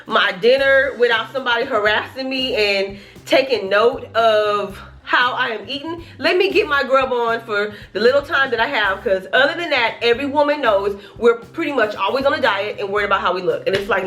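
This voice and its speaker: A young pregnant woman rants to her camera in a casual vlog, animated and often laughing. Her voice sits a little high, and faint music plays underneath. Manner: animated, laughing, acting out what people say. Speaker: vlogger.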